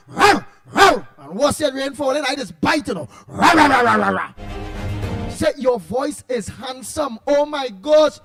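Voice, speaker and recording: A Trinidadian man hosting a live show, greeting viewers one by one in loud, husky, playful banter. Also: very high voice, no room sound. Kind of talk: casual live-stream chat.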